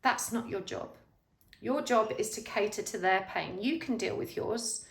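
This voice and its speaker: A woman's voice: medium pitch, unhurried, gravelly, echoey room. A woman giving a pick-a-card tarot reading, speaking straight to the viewer with earnest, reassuring advice. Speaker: tarot reader.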